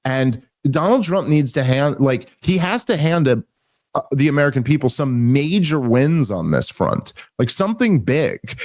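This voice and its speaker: Man podcast host, sarcastic and animated rant, mid-pitched, dry studio mic. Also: normal speed, dry recording. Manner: animated, sarcastic, rambling with restarts. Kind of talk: casual political commentary.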